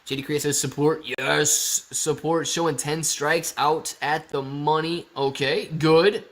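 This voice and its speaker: A man's voice: on the high side, level tone, measured pace, a bit bright. A young man from Ohio hosting a casual stock livestream, reading chat comments aloud in an upbeat, jokey way.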